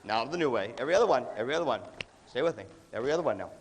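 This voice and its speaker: A man giving an animated live motivational talk to students, often coughing and acting out voices. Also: medium pitch, rapid-fire. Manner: animated, acts out quoted voices, coughs between phrases. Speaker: motivational leadership speaker. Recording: reverberant hall recording, faint background noise.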